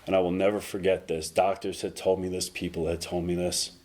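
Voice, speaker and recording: A man's voice: deep voice, level tone, fairly quick, a little mellow. A man telling his recovery story to a meeting, candid and self-mocking, with dry jokes at his own expense. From North Carolina. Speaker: recovery speaker.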